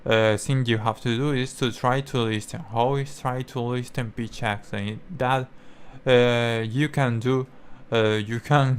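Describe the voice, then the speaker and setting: Slow, halting Spanish-speaking man. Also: mid-range voice, a little hiss or hum. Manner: halting, many fillers and restarts, non-native phrasing. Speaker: language learning YouTuber. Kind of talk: casual explanatory talk.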